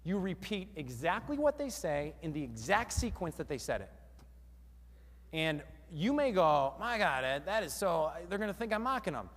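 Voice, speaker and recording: A man giving a lively live seminar talk on stage, quizzing the audience as he goes. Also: fairly high pitch, measured pace, long reverb tail. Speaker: seminar speaker. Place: large hall with a live audience.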